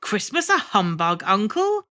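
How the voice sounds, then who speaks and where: A woman voicing a cheerful, warm-hearted young man who speaks brightly and eagerly in a storybook reading. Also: mid-range voice, big pitch swings, unhurried. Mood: incredulous.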